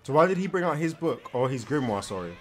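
A young man giving casual, animated reaction commentary while watching, tired and yawning, with slangy asides and frequent repeated words. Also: on the high side, fast talker, a little hiss or hum. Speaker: anime reaction host. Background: faint anime soundtrack.

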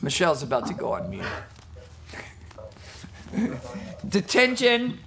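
A man's voice: fairly high pitch, expressive, normal speed, noisy background. A man teaching a jiu-jitsu class over a video call, teasing students between technique corrections. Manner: joking, teasing coach giving technique corrections. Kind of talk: online class instruction.

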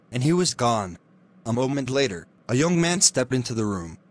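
A man's voice: medium pitch, very animated, normal speed. Man reading a fairy tale aloud. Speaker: storyteller. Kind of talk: scripted fairy tale narration.

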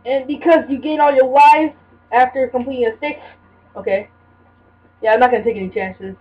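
A young let's-play gamer speaks in a high, slightly mellow voice, keeping a steady tone and a moderate pace. She rambles casually about the game she's playing, using lots of fillers and starting over mid-thought. The recording is dull and lo-fi, with faint hiss.

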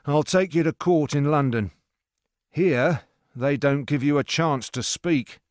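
A man voicing a bold male captain who speaks loudly, firmly and earnestly. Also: a little high, unhurried, no echo, studio quality, voice pushed up, natural voice. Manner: loud, firm and earnest.

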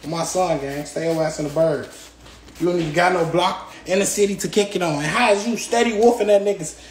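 During a livestream rant, a young rapper angrily and profanely attacks a rival, repeating street tags including "gang" and "on tape." He talks a little fast in a high voice, and the room is echoey.

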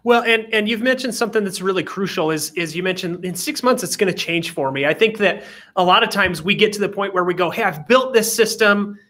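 A man hosting a podcast interview, summarizing his guest's points and asking follow-up questions in a measured, affirming way. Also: high-pitched, pushed and bright. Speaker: podcast host.

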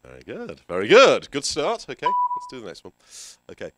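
A man presenting a workshop to a room of teachers, energetic and playful, giving instructions and making quick asides to the audience. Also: mid-range voice, a little hiss or hum. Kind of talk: lively workshop talk to teachers. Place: conference room with a live audience.

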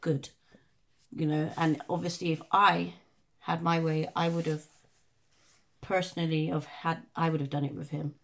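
Lively woman telling stories. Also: sits low, normal speed, pauses often. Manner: animated storytelling, swearing and laughing. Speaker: singer guest. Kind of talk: casual podcast chat.

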